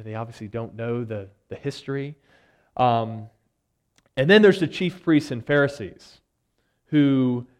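A man who is a church elder, preaching an expository sermon in a conversational, teaching tone, often pausing on "uh" and "um" and giving the people in the story lively voices. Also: medium pitch. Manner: conversational teaching, retells scripture scenes with lively quoted voices; frequent "uh" and "um" fillers.

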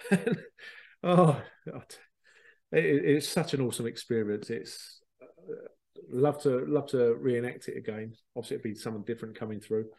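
A man, a spiritual medium, casually telling a rambling, excitable story, repeating himself and swearing now and then. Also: medium pitch, brisk, vocal fry. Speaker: spiritual medium and podcast host.

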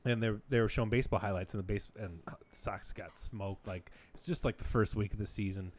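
A man in his thirties co-hosting a casual podcast, telling stories with animated energy and frequent laughs. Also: lowish voice, brisk. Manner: animated storyteller, laughs often. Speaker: podcast co-host. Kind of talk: casual chat.

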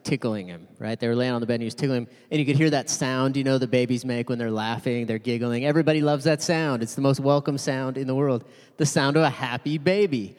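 A man in his thirties preaching a casual, conversational sermon, telling a family story with self-deprecating humor and lots of asides. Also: medium pitch. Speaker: pastor. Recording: long hall reverb.

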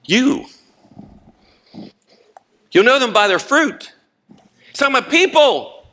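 An older man preaching a sermon, swinging from loud and impassioned to low and hushed, with folksy asides and laughter. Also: very animated, takes it slowly. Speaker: pastor.

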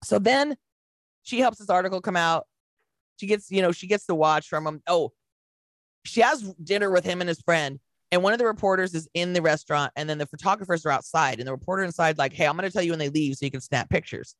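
A woman's voice: lowish voice, quick pace, no room sound. Woman on a podcast telling a wild story, acts out all the quotes, swears a lot, dry close mic. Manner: animated storyteller acting out quotes, swears freely. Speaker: podcast co-host. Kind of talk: casual chat.

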